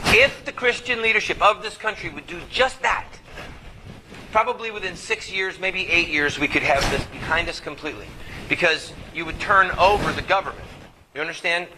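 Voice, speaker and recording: A man's voice: fairly high pitch, noisy background. Fervent man preaching to a crowd. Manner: fervent, preaching, fires rhetorical questions at the crowd. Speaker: activist speaker. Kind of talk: impassioned speech to a live audience.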